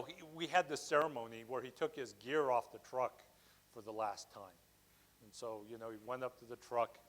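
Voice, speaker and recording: A man giving a Sunday talk at a spiritual center, lively and conversational, often checking in with "okay?". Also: mid-range voice, poor audio. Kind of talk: sermon.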